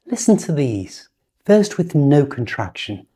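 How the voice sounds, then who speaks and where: A woman with a British accent teaching English pronunciation patiently, speaking example sentences slowly and clearly. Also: low voice, very animated, mellow. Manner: patient, instructive, over-articulated examples.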